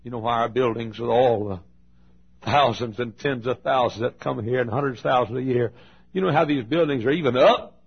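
A man preaching a sermon, telling folksy stories and swinging between loud and hushed delivery. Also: mid-range voice, brisk, gravelly, breathy edge, highs cut off. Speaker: pastor. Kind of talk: sermon storytelling.

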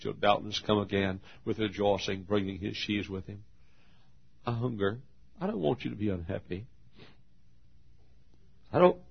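A gravelly, husky older man preaches a sermon. He swings between quiet, hushed storytelling and sudden shouted peaks. The recording is dull and lo-fi. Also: on the low side. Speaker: pastor.

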